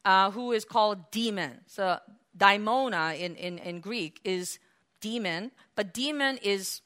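A woman preaching a sermon, animated, acting out the voices of the people in her story. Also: mid-range voice, measured pace. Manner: animated, acts out voices of biblical figures.

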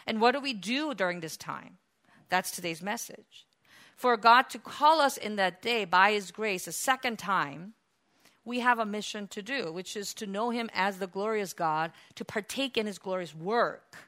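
A woman preaches a sermon in an animated, storytelling way. She poses questions and answers them herself, with a bright, sharp voice. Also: mid-range voice, moderate pace.

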